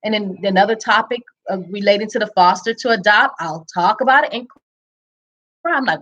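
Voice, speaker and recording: A woman candidly telling her personal story of infertility and faith, reflective, with frequent pauses and restarts. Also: mid-range voice, fairly bright tone, dull audio. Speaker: speaker sharing her story. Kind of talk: personal testimony, casual storytelling.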